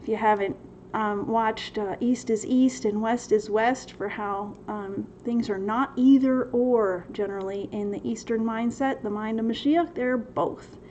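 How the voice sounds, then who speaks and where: A woman's voice: a little high, fairly even intonation, unhurried, mellow. A woman hosting a faith-based livestream Q&A, reading viewers' questions from the chat and answering them with frequent laughter. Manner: laughs often, reads chat questions aloud. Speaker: host of a Bible study Q&A. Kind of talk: livestream Q&A teaching. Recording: slightly dull sound with faint noise.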